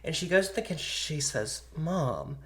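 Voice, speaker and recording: In an indoor podcast setup, a female co-host with a deep, fairly bright voice talks animatedly and briskly, and the sound is reverberant. She retells a story during casual chat, performing the voices of the people in it.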